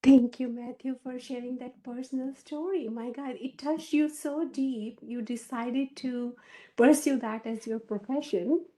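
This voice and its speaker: A woman hosting an interview who asks questions in a gentle, encouraging way. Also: high voice, fairly even intonation, measured pace. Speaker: interview host.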